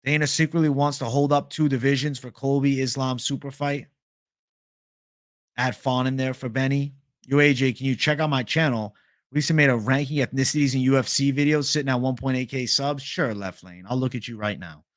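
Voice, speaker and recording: A man's voice: medium pitch, fairly even intonation, brisk, dry recording, studio quality. A young man hosting a casual livestream, reading viewer questions aloud in a laid-back, profane bro manner. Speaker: livestream host.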